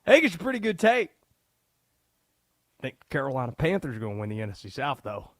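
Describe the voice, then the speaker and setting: A radio host voicing "Conspiracy Josh", an excitable, conspiracy-minded man with a put-on Cajun drawl who fires off rhetorical questions. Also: medium pitch, no room sound, pitched below the performer's own voice. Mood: hyped. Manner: shouty, rapid rhetorical questions, calls people brother.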